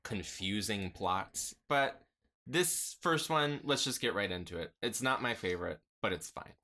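A man's voice: fairly low pitch, lively intonation, unhurried, sharp tone. A man co-hosting a podcast in a casual chat, making playful, goofy asides. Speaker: podcast co-host.

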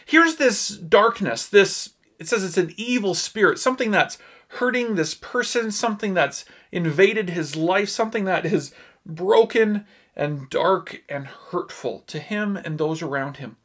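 A male pastor delivering a sermon in an earnest, emphatic way, pausing on key words. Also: high voice, expressive, a bit bright.

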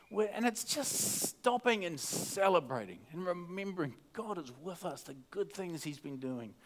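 High-voiced, chatty joking pastor. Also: male voice. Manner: chatty and joking, with many restarts. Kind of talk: casual sermon. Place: church service. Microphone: microphone.

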